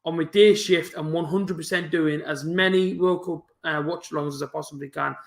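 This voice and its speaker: A young man, chatting casually on a live football watch-along, talking fast with a stutter and some mumbling. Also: fairly high pitch, fairly even intonation, creaky, echoey room. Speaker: football fan streamer hosting a live match watch-along. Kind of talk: casual live-stream chat.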